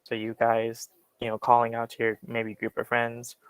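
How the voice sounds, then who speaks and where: A man with a General American accent, teaching an English class in a relaxed, explanatory way with many fillers. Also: medium pitch, moderate pace, smooth, dry recording, poor audio. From Western United States. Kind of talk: classroom lecture.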